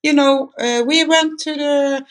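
A woman's voice: high-pitched, steady tone, unhurried. A woman interview guest, telling long anecdotes in a loose conversational way, with many restarts. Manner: rambling, anecdotal, frequent restarts. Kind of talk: conversational storytelling.

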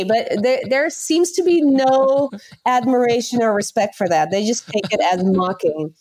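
A woman's voice: on the high side, a little slow. A woman from the Netherlands, a podcast guest, telling a story casually and acting out quoted exchanges. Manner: animated, acts out quoted exchanges.

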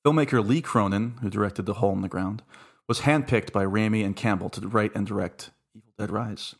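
A man's voice: on the low side, fairly quick. A man hosting a podcast in casual chat, chatty and jokey, often breaking off mid-thought. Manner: chatty, jokey, self-interrupting. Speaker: podcast host.

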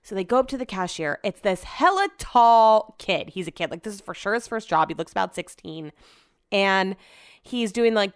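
A woman talks straight to her listeners in a loose, rambling storytelling chat, with "like" in every other phrase and the odd curse word. Her voice is smooth and clear. The sound is close and dry, with no room around it. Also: mid-range voice, lively intonation, normal speed, no room sound. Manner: chatty, rambling, heavy use of "like" and swearing. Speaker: podcast host.

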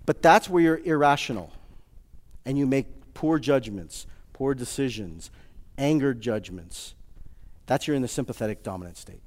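A man giving a lively motivational talk to a live audience, joking and quizzing the crowd. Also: medium pitch, measured pace, pauses often. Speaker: speaker addressing a live audience. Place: large hall with an audience. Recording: long hall reverb.

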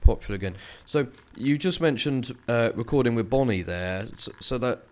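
A man co-hosting a casual interview, friendly and polite, with halting phrasing. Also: mid-range voice, expressive, darkish tone. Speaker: podcast co-host.

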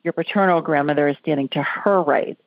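A woman hosting a call-in radio show as a psychic medium, brisk and laughing often as she relays messages. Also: low-pitched, dry recording, dull audio. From United States.

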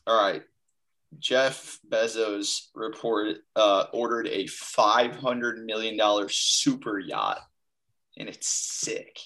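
A man's voice: lowish voice, takes it slowly, bright, forceful tone, low-quality recording. A young man co-hosting a casual podcast, laid-back and full of "dude" and "like". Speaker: podcast co-host.

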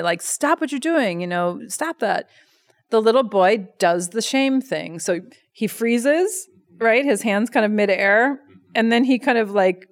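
A woman guest on an interview, an educator who tells stories in a lively, animated way with many fillers. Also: medium pitch. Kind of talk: conversational interview.

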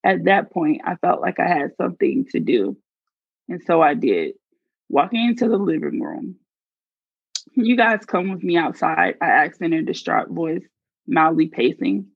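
A woman's voice: deep voice, sing-song, moderate pace, gravelly, breathy edge, dry recording, lo-fi sound. A woman earnestly narrating her own life story in a first-person reading. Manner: earnest, confessional.

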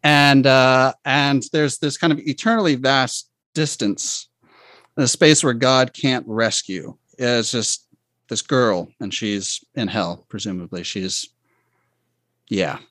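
A man telling a personal faith story in conversation, speaking haltingly and reflectively with many restarts. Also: medium pitch, a bit bright, no echo.

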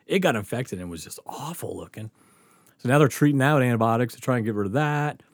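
A man tells a story from his own life in a casual podcast chat. He acts out each person in it, drops to a near whisper, then rises into loud laughing bursts. The sound is dry and close to the mic. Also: mid-range voice, fast talker, dry recording. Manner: animated, acts out quotes, laughs often. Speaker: guest storyteller.

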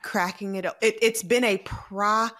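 A woman's voice: medium pitch, fairly even intonation, normal speed, a bit bright. A woman in her thirties co-hosting a podcast, talking in an earnest, reflective and emotional way about love and family. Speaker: podcast co-host. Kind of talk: casual heartfelt chat.

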